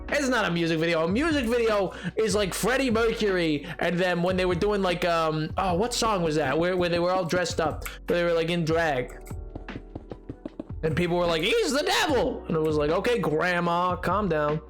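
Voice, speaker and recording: A male streamer chatting casually with his viewers while playing, quick and a little defensive in his banter. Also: high-pitched, faint music behind. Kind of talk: casual gameplay chat reading chat.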